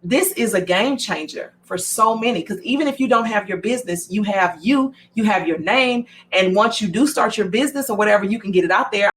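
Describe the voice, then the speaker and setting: A woman with a Southern drawl hosting a broadcast, talking in an animated, repetitive and emphatic way with many fillers. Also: medium pitch, a little fast, few pauses, a little hiss or hum. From American South. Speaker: host. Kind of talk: motivational broadcast talk.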